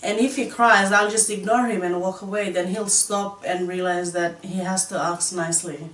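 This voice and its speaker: A young woman from Far North Queensland, a guest mother, who speaks softly and gives short answers. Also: lowish voice, fairly even intonation, normal speed. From Far North Queensland, Australia. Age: young adult. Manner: soft-spoken, short answers. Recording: echoey room, mic at a distance.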